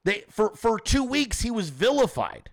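A man's voice: sits high, very animated, normal speed. A man hosting a livestream, ranting profanely and combatively at commenters in his chat. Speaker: show host.

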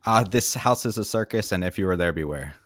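An American man playing along in a podcast quiz, relaxed and hesitant, laughing at his own guesses. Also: sits low, a little fast, no room sound, studio quality. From United States. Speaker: quiz contestant. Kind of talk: casual podcast chat.

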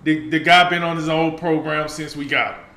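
A man co-hosting a sports talk show, animated, emphatic and colloquial in casual chat. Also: on the high side, moderate pace, roomy sound.

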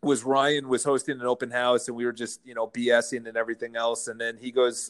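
A man, a real estate broker, telling stories as a guest in a casual interview, lively and laughing as he goes. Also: mid-range voice, a little fast, few pauses, clean tone. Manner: animated, acts out quotes, laughs while telling stories.

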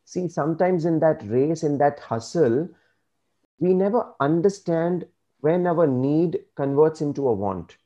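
A man speaking as an interview guest, earnest and measured, giving reflective advice. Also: a little high, lively intonation, dark tone, muffled recording.

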